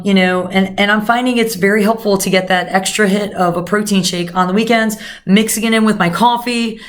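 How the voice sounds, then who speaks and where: A nutrition coach with a medium-pitched, slightly bright voice gives a casual lesson on eating well. She's chatty and full of fillers, speaking straight to her viewers and calling them "guys."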